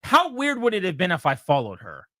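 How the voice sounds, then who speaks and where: Animated man telling a story on the radio. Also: sits high, brisk, dry recording, clean studio sound. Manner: animated storyteller, acts out voices in quotes. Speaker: radio show host. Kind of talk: casual sports radio chat, telling a story.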